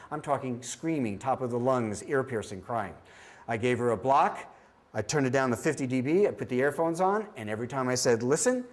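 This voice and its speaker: A middle-aged man giving a training talk on screening children's hearing, telling stories and acting out the children and the test beeps. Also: medium pitch. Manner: animated storyteller, acts out child voices and beeps. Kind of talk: training presentation with demonstrations.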